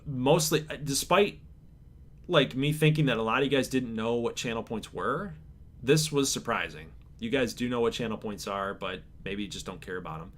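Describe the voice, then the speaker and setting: A man hosting his channel, reading out viewer survey answers in a laid-back, chill way, calling his own voice monotone and chuckling now and then. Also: mid-range voice, moderate pace, slight background noise. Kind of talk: casual chat to camera.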